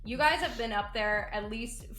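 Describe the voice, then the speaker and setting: Young woman dm, bright voice, giggly storytelling, roomy echo and faint hiss. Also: a little high, moderate pace, soft background music. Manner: playful, giggly narration. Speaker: game master. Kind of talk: narrating a tabletop game.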